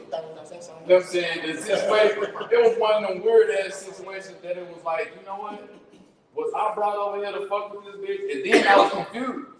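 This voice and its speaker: A man telling a wandering, crude story in a laid-back way. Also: high-pitched. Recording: echoey room, mic far off.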